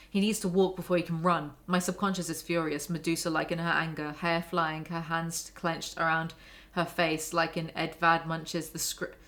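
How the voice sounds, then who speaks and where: A young woman mocking a novel as she reads passages aloud, sarcastic and exasperated and quick to swear. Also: lowish voice, bright, forceful tone. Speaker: book commentary vlogger. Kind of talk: sarcastic book commentary with read-aloud excerpts.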